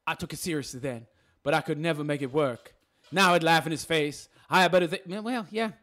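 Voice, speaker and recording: A man's voice: fairly high pitch, a little fast, a bit bright. A man hosting a reaction commentary, reading and mocking a text in a sarcastic, crude, derisive way. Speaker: commentary channel host.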